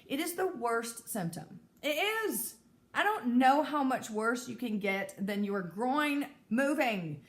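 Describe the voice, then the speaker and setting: A woman hosting her own channel and talking candidly to camera, frank and animated, laughing often and acting out anxious inner voices. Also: high-pitched. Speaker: mental health advocate and video host. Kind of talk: candid solo talk to camera.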